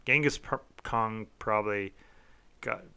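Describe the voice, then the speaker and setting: A man's voice: on the low side, a little slow, gravelly, sharp tone, clean tone. A young man talking casually on a podcast, rambling and swearing freely, tipsy as he jokes and argues. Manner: profane, rambling, says he is tipsy. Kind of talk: casual chat.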